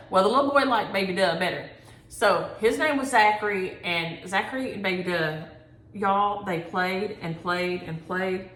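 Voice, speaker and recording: A woman's voice: on the low side, fairly bright tone. A middle-aged woman hosting a cross-stitch vlog, chatting at home in a folksy, storytelling way and calling viewers "y'all". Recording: roomy home recording.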